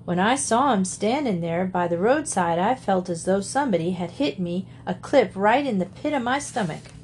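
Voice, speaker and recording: A woman voicing an excited elderly farmer uncle who talks bluntly in a country way. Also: mid-range voice, moderate pace, slight background noise, lightly acted. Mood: proud.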